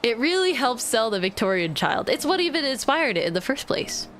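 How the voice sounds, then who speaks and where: Bubbly, lively woman streamer. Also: fairly high pitch, a little fast, a little hiss or hum. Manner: bubbly, giggly, rambling. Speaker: VTuber streamer. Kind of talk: casual stream chat.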